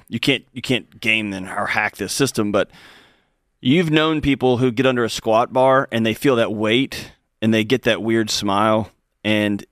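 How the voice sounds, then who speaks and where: A man co-hosting a call-in advice show, casual and animated, telling stories and acting out quotes. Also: on the low side, dry recording, clean studio sound. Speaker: co-host, counselor.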